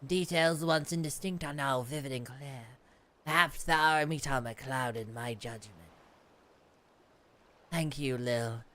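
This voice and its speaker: A woman voicing an aging male samurai, reading his lines in a grave, measured way. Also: rumbling low, a bit bright, pitched below the performer's own voice. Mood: solemn.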